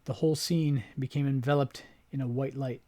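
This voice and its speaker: A man hosting a gaming channel, reading story text from the game aloud in a dramatic, expressive way. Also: mid-range voice, brisk.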